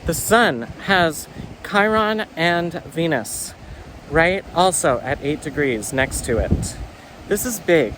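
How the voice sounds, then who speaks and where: A man giving an excitable, effusive tarot reading outdoors on a windy beach, often repeating words. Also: high voice. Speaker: tarot reader. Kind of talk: casual tarot reading video. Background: wind and faint ambience.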